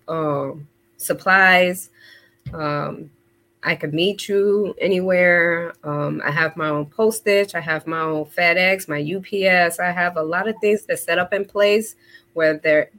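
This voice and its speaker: Low-voiced woman guest with halting "um"s. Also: a bit bright. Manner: deliberate, frequent "um" pauses, matter-of-fact. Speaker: guest, legal support business owner. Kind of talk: casual interview answers.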